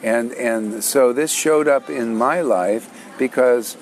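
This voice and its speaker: Gravelly older man telling his story. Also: mid-range voice, slow, a little hiss or hum. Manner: rambling, many restarts and "man, you know". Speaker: spiritual teacher. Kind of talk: casual storytelling talk.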